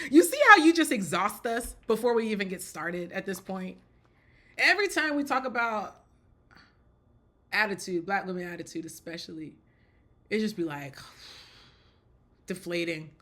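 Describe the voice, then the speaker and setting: A woman's voice: medium pitch, lively intonation, measured pace, pauses often, fairly bright tone. A woman giving casual spoken commentary in a blunt, joking way, often repeating herself and breaking into laughter. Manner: repeats and restarts phrases.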